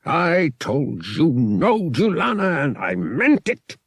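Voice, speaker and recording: A man voicing a gruff, grumbling male ship captain who shouts and curses. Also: medium pitch, sing-song, unhurried, no room sound, studio quality, voice pushed up, exaggerated voice.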